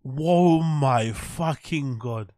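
A man's voice: medium pitch, drawn-out words, mellow, no room sound, studio quality. A man hosting a reaction video, laughing often and gleefully repeating mispronounced names. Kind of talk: reaction commentary.

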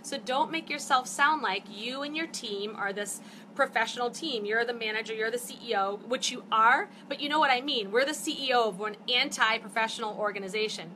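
Fifties lady chatting on a live stream, bright punchy voice, kinda high, gets all fired up. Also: fairly quick, slight background noise. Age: 50s. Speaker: network marketing host. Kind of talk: casual live-stream talk. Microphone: phone or webcam for a live stream.

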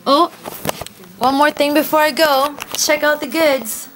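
High-voiced woman cooing to her cat. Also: takes it slowly, a little hiss or hum, rough recording. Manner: cooing, doting talk to her cat, laughs often. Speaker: vlogger and cat owner. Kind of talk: casual home-video vlog. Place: hotel room.

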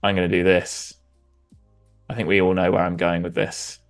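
A man's voice: sits low, little pitch movement, normal speed, faint music behind. A man from southwest England with a West Country accent, a designer and comedian chatting playfully and self-mockingly while demonstrating design on a live stream. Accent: West Country English.

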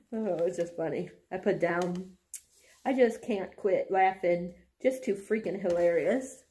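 A woman's voice: lowish voice, takes it slowly, warm tone, soft background music. Giggly woman reading from her book diary. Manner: reads passages aloud with frequent giggling. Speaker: book vlogger. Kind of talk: casual book reading and chat.

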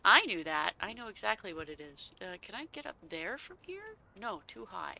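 A woman's voice: medium pitch, very animated, normal speed, gravelly, bright, forceful tone. A woman playfully commenting on a game as she plays, seated and chatting to herself. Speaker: gaming channel host. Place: seated at home.

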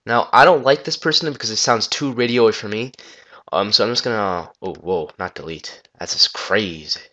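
A man talking through a casual software tutorial on a gaming headset, rambling loosely and swearing now and then. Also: on the low side, normal speed. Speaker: tutorial maker.

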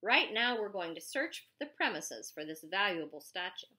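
Audiobook: woman voicing a gruff, suspicious male officer, loud and barking. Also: mid-range voice, sing-song, normal speed. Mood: stern. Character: stern bossy male small-town police officer.

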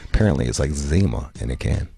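A man's voice: very deep voice, lively intonation, quick pace, creaky, dark tone, slightly rough. Rambling, profane male podcast host. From Michigan. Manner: rambling, profane, restarts a lot. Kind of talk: casual profane banter.

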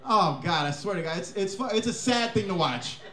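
A brash male stand-up comedian with a profane, punchy delivery. His voice sits high and swings up and down as he riffs. The live club recording is roomy and echoey. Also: animated, fairly quick, a loud crowd.

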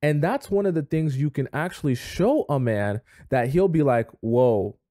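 Man giving dating advice, warm-toned. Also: fairly high pitch, very animated, moderate pace, dry recording, clean studio sound. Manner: emphatic, conversational, acts out scenes. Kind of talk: direct-to-camera advice talk.

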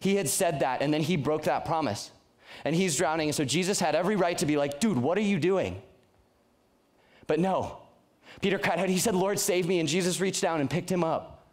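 Young man, youth pastor, casual earnest sermon, frequent restarts, slightly high voice. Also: a little fast. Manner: earnest, conversational preaching with many restarts.

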